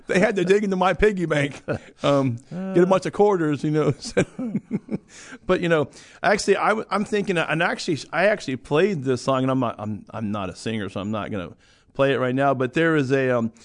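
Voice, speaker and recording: A middle-aged man hosting a casual chat, his voice sitting a little high. He rambles, restarting sentences and filling gaps with fillers. He chuckles now and then as he talks. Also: brisk.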